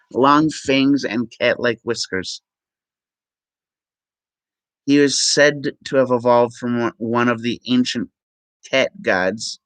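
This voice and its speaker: Slow, halting man reading aloud. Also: medium pitch, dry recording, poor audio. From Minnesota. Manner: halting, with ums and self-corrections. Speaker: vlogger. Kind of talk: reading aloud from web pages.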